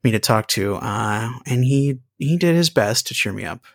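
An actor playing a weary, sardonic widowed man with a gravelly voice. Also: mid-range voice, animated, moderate pace, no echo, studio quality. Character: gruff widowed man bent on revenge.

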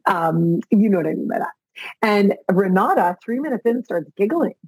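A middle-aged woman speaks on her solo motivational podcast in a soft, breathy voice that sits at an ordinary pitch. She talks earnestly, repeats her phrases and climbs toward emotional intensity. The sound is close and dry, with no room around it. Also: animated, moderate pace, dry recording, rough recording. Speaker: podcast host. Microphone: video call.

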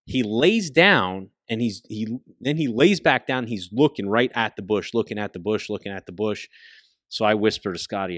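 A man, a guest on a talk show, telling a hunting story in a casual, profane, animated way and often dropping his voice to a hush. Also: fairly low pitch, normal speed, no room sound. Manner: profane, animated storyteller who drops into hushed tones.

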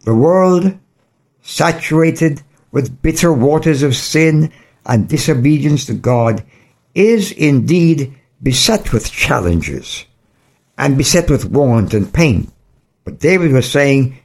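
A man preaching a sermon, reading scripture and speaking with deliberate, emphatic rises. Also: on the high side, sing-song, a little mellow. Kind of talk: radio sermon.

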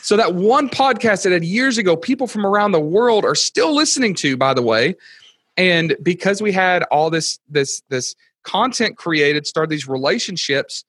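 A man in his thirties, a podcast guest telling stories in casual chat, excitable and rambling with lots of fillers. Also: high-pitched, normal speed, dry recording.

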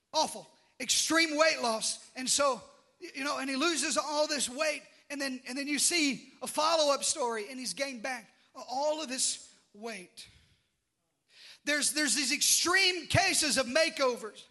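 A man preaching a sermon with passion, swinging from drawn-out shouted phrases to hushed, quiet lines. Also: extremely high pitch. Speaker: pastor.

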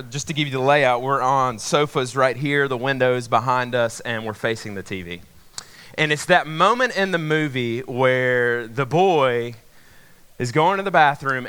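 A man preaching a sermon, telling a personal story with animated voices and sudden drops to a hush. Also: medium pitch, clear, resonant tone. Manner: animated storyteller, acts out voices, jumps from hushed to loud. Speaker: pastor.

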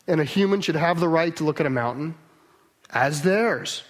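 Preaching a sermon, a man with a fairly high voice speaks earnestly and emphatically at normal speed with lively intonation. He often stops to restart a thought or to pose a rhetorical question to his listeners.

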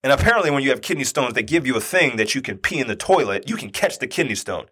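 This man, in his thirties, has a husky, medium-pitched voice and talks at a quick pace. Casually recounting something from his own life, he gets animated and voices the quoted lines.

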